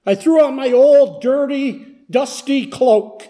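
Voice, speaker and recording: Slowly and in a mellow, very high-pitched voice, a male dramatic storyteller voices a blind beggar in a first-person monologue. His earnest delivery grows more intense as the beggar turns from humble to desperate.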